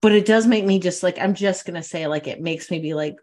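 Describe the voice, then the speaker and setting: Low-voiced chatty woman podcast co-host. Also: fairly quick, a little mellow. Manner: chatty, frequent filler "like", thoughtful. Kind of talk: casual chat.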